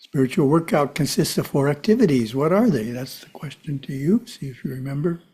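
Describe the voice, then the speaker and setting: A man giving a calm, measured spiritual teaching talk, with side remarks to his listeners. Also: fairly high pitch, breathy edge. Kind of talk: teaching talk to a live audience.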